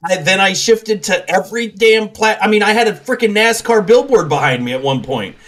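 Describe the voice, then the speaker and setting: High-voiced rambling podcast man. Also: animated, brisk, fairly bright tone. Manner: rambling, swears, laughs often. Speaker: podcast co-host. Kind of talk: casual chat.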